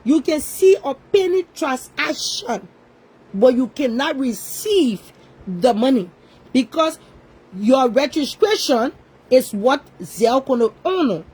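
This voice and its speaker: A woman delivers a ranting social media commentary in a high voice. She scolds her target directly and circles back to the same points again and again. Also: animated, takes it slowly, darkish tone, husky, poor audio. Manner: scolding, repetitive, confrontational. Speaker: online commentator.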